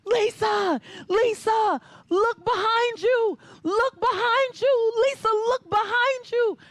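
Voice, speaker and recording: A woman acting out a female swim coach calling out insistently to her teenage swimmer, high and lively. Heard dry and close, as a quoted voice inside a stage story. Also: a little slow, dry recording. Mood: urgent. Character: urgent female swim coach shouting to a teen.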